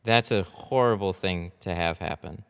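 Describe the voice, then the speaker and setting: Tinting a window live on stream, this man chats loosely into his headset, letting out the occasional curse when things go wrong. His voice is deep, creaky, and fairly bright, with a clean tone and a moderate pace.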